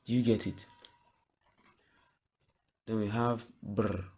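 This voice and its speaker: Man, low voice, reading teacher, explains patiently, repeats example words slowly, checks if you follow. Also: darkish tone. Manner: explanatory, asks "do you get it?". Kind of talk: spoken lesson for teachers.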